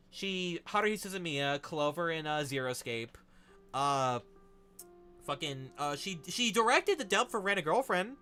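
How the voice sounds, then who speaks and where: A young man chatting casually to his live-stream chat while drawing, excitable and swearing often. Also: sits high.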